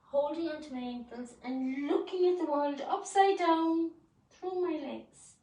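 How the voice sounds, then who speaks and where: A woman leading a guided movement class, speaking gently and soothingly, with sudden loud playful roars. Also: sits high, a little slow. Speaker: movement and wellbeing instructor. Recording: roomy echo, voice from some distance.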